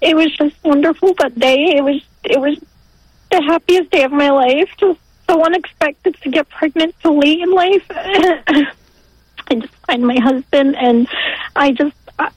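A woman in her forties calling in by phone, emotional and halting, laughing through tears as she talks. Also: high-pitched, dry recording. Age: 40s. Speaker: caller. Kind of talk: call-in testimony. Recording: dry lo-fi phone line.

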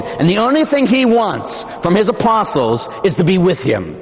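A man's voice: sits high, sing-song, moderate pace, hardly any pauses. Impassioned male preacher in a reverberant church. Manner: dramatic, impassioned preaching with sudden swells to shouting and drops to near-whisper. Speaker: Catholic priest. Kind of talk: sermon. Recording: long hall reverb.

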